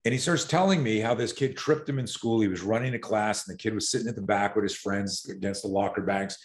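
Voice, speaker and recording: A man in his sixties telling stories as a podcast guest. He is animated and profane, and he acts out quotes. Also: on the low side, fast talker. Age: 60s. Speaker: self-defense expert guest. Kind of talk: podcast storytelling.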